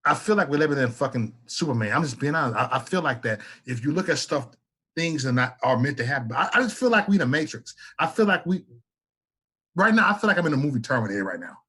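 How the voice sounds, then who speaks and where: A man's voice: mid-range voice, very animated, quick pace, pushed and bright, husky. A man on a podcast panel talking in an emphatic, preachy way, repeating himself and swearing. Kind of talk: casual political podcast chat.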